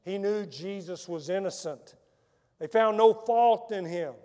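A man preaching a sermon as a missionary, telling stories dramatically and swinging from loud emphatic lines to hushed soft ones. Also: sits high, a little slow. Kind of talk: sermon with personal storytelling. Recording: long reverb of a large hall.

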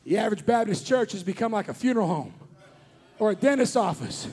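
A man, preaching a fervent sermon as pastor, shouting his points and mixing in joking asides. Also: sits high, sing-song, a little fast. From Kentucky. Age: 40s.

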